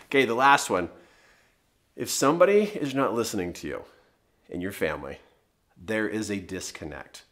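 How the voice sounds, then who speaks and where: Animated middle-aged man coaching parents. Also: fairly low pitch, moderate pace, long pauses. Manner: emphatic, with rhetorical questions. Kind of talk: motivational teaching talk.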